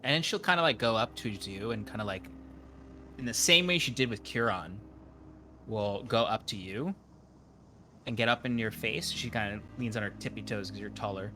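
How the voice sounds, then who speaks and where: A man's voice: on the low side, normal speed, sharp tone, a little hiss or hum. A man narrating a tabletop game as game master, describing the action loosely with many fillers.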